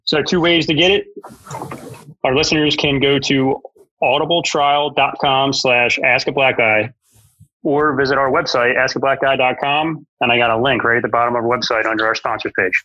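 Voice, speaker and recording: A laid-back man chats on a podcast in a bright, husky voice. The sound is dry and close, a little muffled. He moves easily between banter and an ad read. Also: medium pitch, steady tone, normal speed, no room sound. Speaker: podcast co-host. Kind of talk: casual chat and sponsor read.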